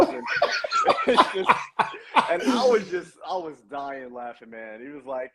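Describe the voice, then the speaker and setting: A husky, mid-pitched male voice with a slightly breathy grain. He tells anecdotes in a relaxed, rambling way, peppered with fillers. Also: moderate pace. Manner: chatty anecdotes with frequent uh and man. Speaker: voice actor guest. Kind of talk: casual interview storytelling.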